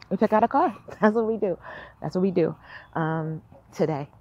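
An excited mother with a lively voice. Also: mid-range voice, unhurried, slightly rough, lo-fi sound. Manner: emotional, laughing, near tears. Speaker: vlogger, mother. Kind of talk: excited casual vlog.

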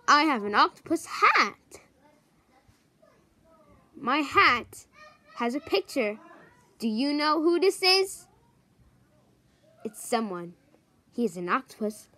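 A woman introducing a row of toys one by one, hesitant and pausing often to search for their names. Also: on the high side, bright, forceful tone, no echo. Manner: hesitant, many pauses and ums. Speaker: toy show presenter.

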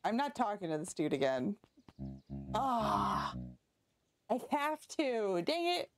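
A woman's voice: medium pitch, big pitch swings, slow pace. A woman streaming a game live, playfully commenting and reading the game's lines aloud. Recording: game music clearly behind voice.

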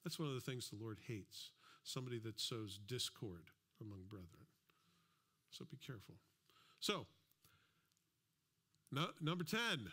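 A man preaching a sermon in a casual, conversational way, reading scripture slowly and acting out little everyday exchanges. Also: fairly low pitch, sing-song, pushed and bright, slightly rough. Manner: conversational, plays out little imagined dialogues; slows down to read scripture aloud. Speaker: pastor.

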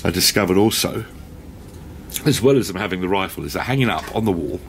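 A man's voice: low-pitched, lively intonation, brisk, a little hiss or hum. A man presenting a rambling, enthusiastic walk-around tour of a shop. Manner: enthusiastic, rambling, self-deprecating. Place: indoor shop.

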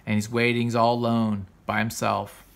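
Gravelly man enthusing over a comic. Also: mid-range voice, little pitch movement, normal speed. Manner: enthusiastic and rambling, with frequent restarts. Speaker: comics show host. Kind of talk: casual spoken comic book recap.

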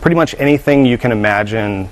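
A man's voice: medium pitch, animated, fast, rough recording. A man who founded a museum, guesting on a TV talk show and explaining his collection in a friendly way. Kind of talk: TV interview. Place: TV studio.

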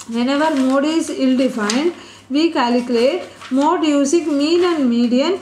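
A woman's voice: sits high, takes it slowly, darkish tone, slight background noise. A woman teaching a statistics lesson at a board, explaining step by step and putting questions to her class. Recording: echoey room.

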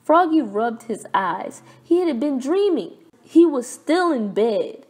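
A woman reading a children's picture book aloud at an unhurried, deliberate pace. Her voice sits a bit high, and she acts out the story expressively. Every word comes out clear. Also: big pitch swings, darkish tone. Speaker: storybook reader. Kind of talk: children's read-aloud narration.

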